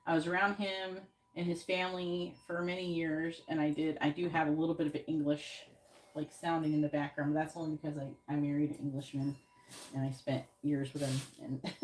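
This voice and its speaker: Chatty low-voiced woman, roomy and distant. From New York. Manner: rambling, chatty, laughs often. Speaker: tarot reader hosting a livestream. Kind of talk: casual livestream chat. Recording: roomy sound, distant from the mic.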